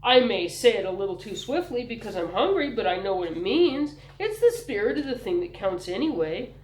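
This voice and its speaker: A woman's voice: mid-range voice, big pitch swings, fairly quick, reverberant, close to an everyday voice, rough recording. A woman doing a kind teenage brother. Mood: reassuring. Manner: reassuring, thoughtful. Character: teenage boy, kind, patient, dreaming of travel.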